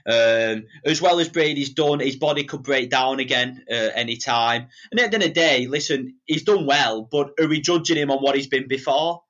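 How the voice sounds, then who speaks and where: A man of ordinary pitch chats as a podcast guest. He hesitates, restarts and keeps checking whether he's being fair. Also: moderate pace, few pauses, a bit bright, lo-fi sound. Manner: hesitant, many fillers and restarts, checks in with listeners. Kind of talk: casual podcast chat.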